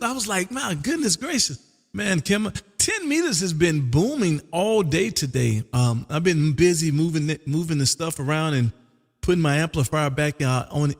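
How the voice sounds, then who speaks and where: Texas man on the ham bands, high-ish voice, lingering reverb, loose chatty repeats. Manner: drawling, repeats phrases, says "man" a lot. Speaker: ham radio operator and stream host. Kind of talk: casual on-air radio chat.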